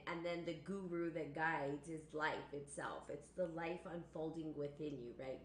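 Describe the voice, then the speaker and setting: A woman's voice: deep voice, a bit bright. A woman hosting a casual spiritual live stream, rambling and repeating phrases as she talks to her viewers. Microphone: computer or phone on a live stream. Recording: echoey room with faint noise.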